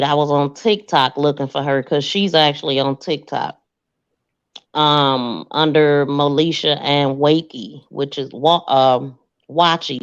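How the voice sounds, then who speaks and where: Low gravelly woman on a dull, dry recording. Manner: soft-spoken, hesitant with many fillers. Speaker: podcast host. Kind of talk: casual crime podcast discussion.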